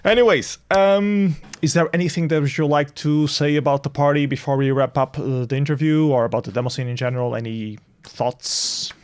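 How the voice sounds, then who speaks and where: A man hosting a casual interview over a video call, relaxed and joking, often chuckling. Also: medium pitch, fairly quick, few pauses, clean tone. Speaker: interviewer, channel host.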